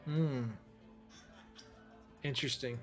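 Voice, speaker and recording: A man's voice: medium pitch, steady tone, takes it slowly, a bit bright, soft background music. A man playing in a tabletop game, playful and dry, often murmuring short agreements. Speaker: player. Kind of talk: casual tabletop play.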